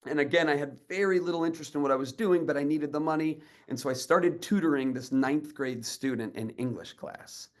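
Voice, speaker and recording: A man's voice: fairly high pitch, fairly quick, few pauses. A man in his thirties, an educator giving a storytelling talk, acting out the voices of people in his story with energy. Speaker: educator and speaker.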